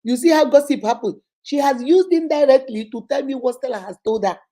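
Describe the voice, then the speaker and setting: A Nigerian woman with a high, mellow voice hosts a relaxed advice chat. She talks with lively energy, breaks into laughter often and acts out phone conversations. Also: a little fast. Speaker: host of an advice session. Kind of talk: casual live advice chat.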